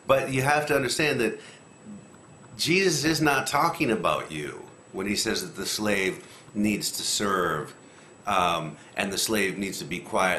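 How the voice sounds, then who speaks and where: A man casually talking through a Bible passage, rambling a little and acting out the quotes with lively rises in pitch. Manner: animated, acts out quotes with rising pitch, rambling. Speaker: lectionary commentator. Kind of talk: casual scripture discussion. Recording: echoey room, faint noise.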